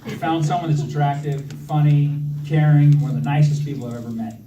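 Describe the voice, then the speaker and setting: The speaker, a man in his thirties with a voice on the high side, toasts his brother at a wedding in a steady tone and fairly quick pace, joking about himself and often restarting or using fillers. The audio is dull with heavy background noise, picked up distantly in an echoey reception hall over a loud crowd.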